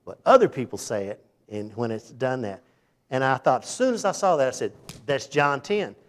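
Male pastor, folksy sermon delivery, swings from hushed to loud, mid-range voice. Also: medium pitch, big pitch swings, brisk. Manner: folksy, conversational preaching with sudden loud bursts and hushed asides.

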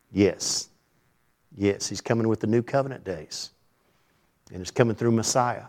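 A man preaching a conversational sermon, teaching through a scripture passage with asides and big swings between loud emphasis and quiet remarks. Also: fairly low pitch, normal speed, long pauses. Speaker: pastor.

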